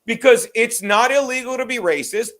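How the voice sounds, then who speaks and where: A man's voice: extremely high pitch, normal speed, bright, forceful tone. A man co-hosting a podcast in casual chat, profane, rambling and self-mocking. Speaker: podcast co-host.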